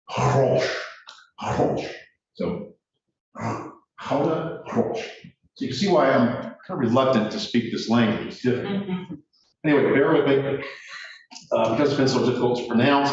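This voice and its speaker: A man's voice: medium pitch, slight background noise. Man giving a self-deprecating ceremony speech; distant mic, echoey room. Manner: joking, self-deprecating storyteller. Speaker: speaker at a ceremony. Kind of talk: casual speech. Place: courtroom. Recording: echoey room from far off, dull.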